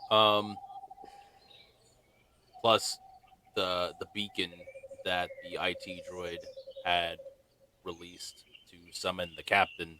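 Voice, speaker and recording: A man playing a tabletop role-playing game, speaking in a measured, deliberate way. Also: sits low, flat delivery, noisy background. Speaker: player.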